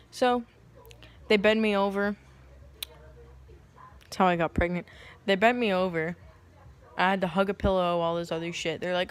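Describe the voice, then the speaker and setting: Young woman, vlog storytime, animated, acts out quotes, crude jokes, laughs. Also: medium pitch, moderate pace. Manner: crude, joking asides and laughter. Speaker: vlogger.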